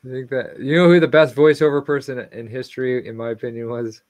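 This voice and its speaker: Male co-host, easygoing, mid-pitched, reads comments aloud. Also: steady tone, fast talker. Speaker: livestream co-host. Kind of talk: casual chat during a toy build.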